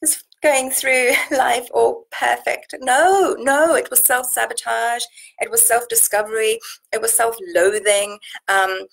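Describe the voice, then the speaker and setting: Chatty South African woman with vocal fry. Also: fairly high pitch, fairly even intonation, takes it slowly, poor audio. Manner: chatty and earnest, many fillers and restarts. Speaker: nutrition coach hosting a live session. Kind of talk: casual live stream talk, reading out viewer comments.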